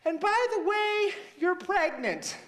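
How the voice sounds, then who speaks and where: A man's voice: extremely high pitch, animated, slow, a bit bright, roomy sound, voice pushed up, heavily acted. A man voicing a dramatic angel bringing tidings in a comic Bible skit. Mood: proclaiming.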